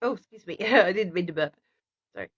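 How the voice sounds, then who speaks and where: A woman's voice: lowish voice, animated, brisk, fairly bright tone, husky, dry recording. An Australian woman hosting a casual stream, reading aloud to viewers and often stopping to apologize and restart. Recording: dry, slightly dull lo-fi sound.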